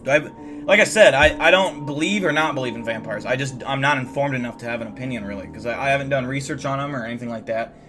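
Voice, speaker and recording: Music plays behind a medium-pitched man who talks quickly. He's a sleepy young livestream host, yawning between loose, foul-mouthed, stop-and-start remarks about what viewers are writing.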